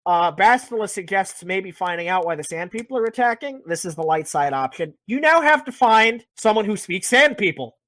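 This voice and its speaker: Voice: medium pitch, animated, normal speed, few pauses, a bit bright, no echo. Profane, rambling game recapper. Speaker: podcast host.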